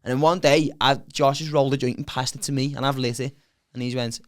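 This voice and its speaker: A man's voice: medium pitch, fast talker. A man in his twenties with a Liverpool accent, a guest comedian telling stories in casual podcast chat and acting out what people said. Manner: animated storyteller, acts out quotes.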